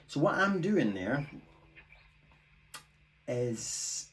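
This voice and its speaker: A man gives a casual guitar lesson in a room at home, chatty, thinking aloud, and joking about his own playing, strumming between phrases. Recorded on a phone with poor audio and a loud electric guitar and drum loop behind, his medium-pitched voice is expressive and a little slow.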